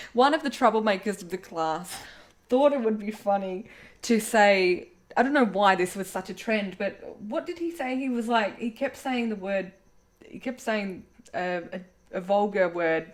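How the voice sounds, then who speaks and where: A young woman, co-hosting a casual chat and recalling school days in a relaxed, giggly way. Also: mid-range voice, unhurried. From Australia. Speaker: podcast co-host.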